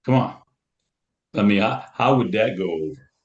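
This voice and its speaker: Earnest low-voiced man, echoey room. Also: lively intonation, moderate pace, lo-fi sound. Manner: earnest, repeats words while explaining. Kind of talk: conversational podcast talk.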